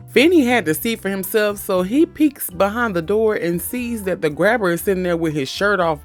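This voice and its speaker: A woman's voice: on the low side, lively intonation, normal speed, hardly any pauses, faint music behind. A woman giving a comedic movie recap, blunt and profane with wry asides.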